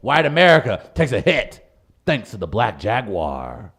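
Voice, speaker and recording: A man's voice: lowish voice, unhurried, creaky, breathy edge. A man co-hosting a comedic podcast, ranting with big energy and frequent laughter. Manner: animated, ranting, laughs often. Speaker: podcast co-host.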